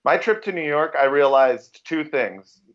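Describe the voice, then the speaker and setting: A brash man co-hosting a podcast who swears freely and calls everyone dude. His voice sits a little high and comes through a dull, lo-fi recording. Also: lively intonation, unhurried. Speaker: podcast co-host. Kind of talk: casual chat.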